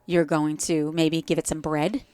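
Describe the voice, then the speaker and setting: A woman's voice: deep voice, little pitch movement, normal speed, darkish tone, no room sound. A woman with a New Jersey accent, a yoga teacher in a podcast conversation, speaking earnestly and stacking short repeated phrases.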